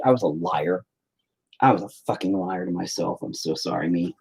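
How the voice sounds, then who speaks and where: Husky guy cussing out his painting, voice jumps all over the place. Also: low voice, lively intonation, a little fast, darkish tone. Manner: profane, rambling, mock-angry. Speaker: painting vlogger. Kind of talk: casual rant while painting.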